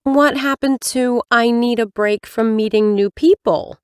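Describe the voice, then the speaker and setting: A woman's voice: fairly high pitch, clean tone, no echo, studio quality, pitched above the performer's own voice, natural voice. A woman narrator voicing a courteous dating agency staffer answering the phone. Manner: courteous, brisk phone manner.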